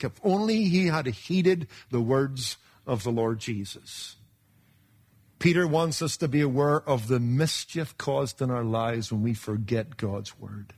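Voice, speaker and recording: A man preaching a sermon in an emphatic, folksy way, swinging between loud bursts and hushed asides. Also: mid-range voice.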